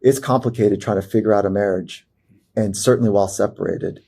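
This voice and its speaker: Gravelly-voiced man telling a personal story. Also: lowish voice, brisk. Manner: animated storyteller who acts out quoted voices, many fillers and restarts. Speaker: guest, performance psychologist. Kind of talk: personal storytelling in a podcast interview.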